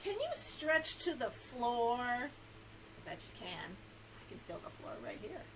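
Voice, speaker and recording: A high, bright woman's voice reads a picture book to small children with lively swoops in pitch and an unhurried pace. She coaxes her young listeners with questions and laughs often, over a faint hiss of background noise. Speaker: children's librarian.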